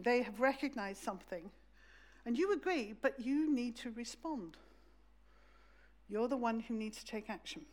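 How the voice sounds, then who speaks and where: A woman preaching a sermon in a church, telling the story in a lively way and acting out the voices. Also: a little high.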